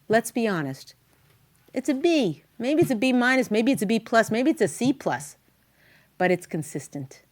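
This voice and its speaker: A woman hosting a talk show and giving marriage advice to a guest in an animated, chatty, emphatic way. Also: medium pitch.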